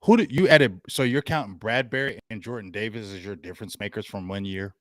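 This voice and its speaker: A man co-hosting a podcast, interrupting and pressing his rival with questions while insisting he is calm. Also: lowish voice, fairly quick, dry recording, studio quality. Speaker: podcast co-host. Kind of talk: heated sports debate.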